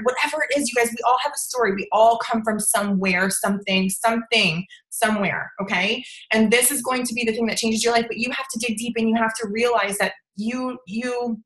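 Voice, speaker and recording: A woman's voice: on the high side, fairly bright tone, echoey room, poor audio. A young woman leading a sales team, giving an emphatic motivational talk on a video call and often asking "okay?" and saying "you guys". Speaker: team leader of a sales business.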